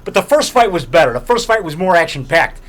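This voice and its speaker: A man's voice: on the high side, sing-song, fast, fairly bright tone. A middle-aged man chatting casually to a camera in a grocery store, rambling and repeating himself, often tacking on "man". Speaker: low-budget filmmaker and video blogger. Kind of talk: casual rambling vlog chat. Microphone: handheld camera held by a friend.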